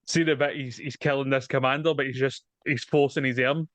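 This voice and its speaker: A man's voice: medium pitch, fairly even intonation, a little fast, a bit bright, no room sound. A man in casual, sweary film chat, rambling and dropping mate and aye, talking over a video call. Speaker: podcast co-host.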